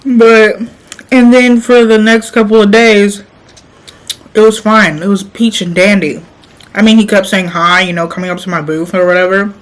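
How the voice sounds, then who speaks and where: Animated young woman telling a story. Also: mid-range voice, normal speed, poor audio. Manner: animated, laughs often while telling the story. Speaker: vlogger. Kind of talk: casual storytelling mukbang.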